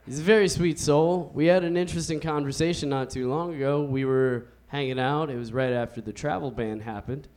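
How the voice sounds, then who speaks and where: A young man doing a stand-up comedy set on a club stage into a handheld mic, with a loose, laid-back delivery and drawn-out punchlines. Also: mid-range voice, fairly even intonation, darkish tone, slight background noise. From United States.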